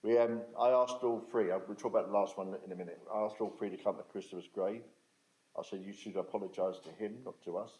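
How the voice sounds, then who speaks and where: A man's voice: lowish voice, steady tone, fast talker, mellow, muffled recording. An older man, telling his story to an audience in a blunt, plain-spoken, emphatic way. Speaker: speaker at a talk on restorative justice.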